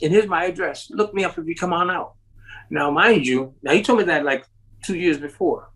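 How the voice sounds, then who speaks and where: This man talks fairly quickly while spinning a long tale as an interview guest. He laughs a lot and jumps sharply up in pitch to act out the voices of the people in the story, and the recording is low quality.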